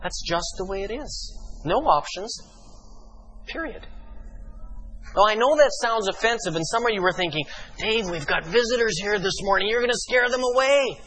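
A man preaching a sermon as pastor, emphatic and full of rhetorical questions, slowing down for dramatic pauses. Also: high voice, fairly bright tone, a little hiss or hum, rough recording.

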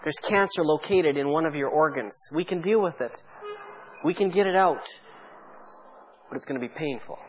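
A calm male doctor gives grave news quietly and matter-of-factly, as a preacher acts him out. The voice sits high, and the sound is dull and lo-fi, like an old radio broadcast. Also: normal speed, pauses often, a little hiss or hum, close to an everyday voice.

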